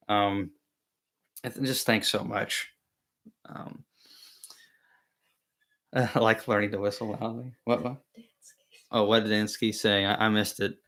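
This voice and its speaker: A man's voice: fairly low pitch, fairly bright tone. A young man hosting a casual beekeeping live chat, telling rambling, self-deprecating stories with many fillers and restarts. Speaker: beekeeping channel host.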